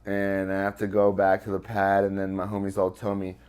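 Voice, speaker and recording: A man's voice: sits low, monotone, a little fast, a little mellow, clean tone. A man being interviewed, telling a personal story in casual, profane talk with lots of fillers. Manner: loose and profane, many fillers. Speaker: interview guest.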